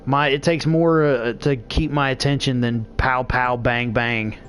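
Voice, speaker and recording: A man's voice: mid-range voice, steady tone, unhurried, fairly bright tone, slight background noise. A middle-aged man chatting casually while playing a game, rambling and swearing freely with frequent laughs. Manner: rambling, profane, laughs often. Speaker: gaming vlogger. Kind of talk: casual gameplay chat.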